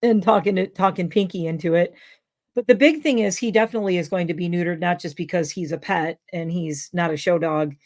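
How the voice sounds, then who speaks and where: A woman's voice: fairly low pitch, fairly quick, darkish tone. A woman hosting a casual livestream chat, a dog trainer who rambles with lots of fillers. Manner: rambling, filler-heavy talk. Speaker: livestream host.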